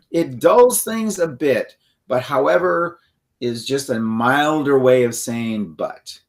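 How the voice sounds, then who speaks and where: A middle-aged man talks through ideas in a teaching conversation, stopping to check in with "okay?" His voice sits at an ordinary middle pitch, and he often restarts his sentences as he works out what to say. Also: slow pace. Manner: explanatory, checks in with 'okay?', frequent restarts. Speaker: co-host. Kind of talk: instructional conversation.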